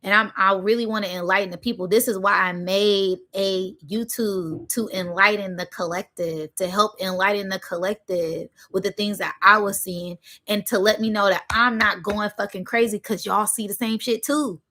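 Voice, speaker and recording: In a bright, forceful mid-range voice with a steady tone, the young spiritual-channel host speaks at a moderate pace with few pauses. Her passionate livestream monologue is preachy and full of cursing and repeated "right?" and "y'all," and she's emotional, almost in tears.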